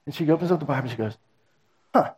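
Animated storytelling pastor, man. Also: fairly high pitch, rapid-fire. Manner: animated, acts out dialogue. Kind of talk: sermon storytelling. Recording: reverberant hall.

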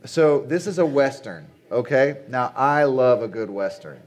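A man's voice: mid-range voice, lively intonation, a little slow. A man in his late forties giving a conversational sermon to a conference audience, chatty and asking the crowd rhetorical questions. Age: 40s. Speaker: conference speaker. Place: conference venue.

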